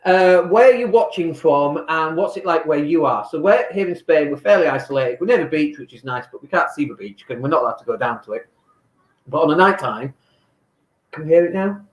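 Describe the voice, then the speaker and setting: A man's voice: fairly high pitch, expressive, brisk. A man vlogging casually from his home, talking in a blunt, exasperated, ranting way. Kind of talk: casual lockdown vlog rant. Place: home in Spain. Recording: echoey room.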